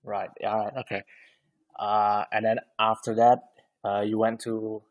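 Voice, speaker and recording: A man's voice: lowish voice, little pitch movement, unhurried. A man hosting a podcast who asks casual questions, hesitant and checking facts back with the guest. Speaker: podcast host.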